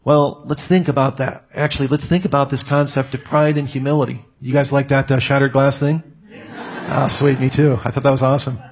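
A man's voice: mid-range voice, husky. A man preaching a conversational sermon, with asides to his audience. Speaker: pastor.

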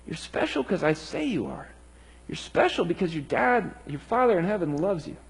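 A man's voice: sits high, big pitch swings, moderate pace, creaky, husky, heavily acted. A man voicing Jesus as a patient but frustrated teacher, pleading with his disciples through rhetorical questions.

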